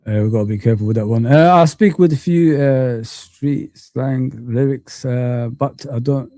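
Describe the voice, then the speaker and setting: A man's voice: mid-range voice, normal speed, dark tone, dry recording, studio quality. A man, hosting a casual live-stream chat, rambling and puzzled, with many fillers and repeated questions. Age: 40s. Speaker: host.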